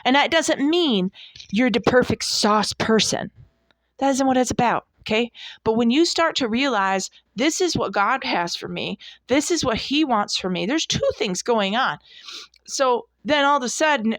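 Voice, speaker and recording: A woman's voice: medium pitch, a bit bright, dry recording, studio quality. Emphatic woman in her forties, folksy preaching. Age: 40s. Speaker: devotional podcast host. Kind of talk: devotional talk.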